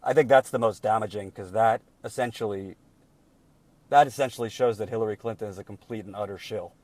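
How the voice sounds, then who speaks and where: A man giving indignant political commentary while reading out leaked emails, emphatic and deliberate, with many repeated restarts. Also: on the low side, a little mellow, no room sound. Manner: deliberate and slowed when troubled.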